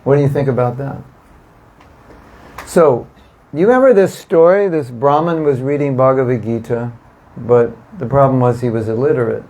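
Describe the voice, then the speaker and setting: In a roughly recorded devotional class, a male spiritual teacher chats with his live audience, putting questions to them and driving points home through emphatic repetition. His mid-range voice is darkish, fairly even in intonation, at a moderate pace.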